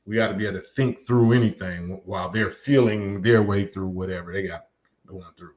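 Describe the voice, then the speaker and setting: A man's voice: deep voice, fairly even intonation, a little fast, a little mellow. A man hosting a live stream, reading chat comments and lecturing emphatically, often repeating his points. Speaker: livestream host.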